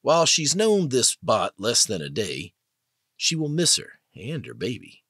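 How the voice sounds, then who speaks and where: A man narrating an audiobook in a dramatic, expressive way. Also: mid-range voice, a little slow, breathy edge, dry recording, studio quality. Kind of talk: scripted narration.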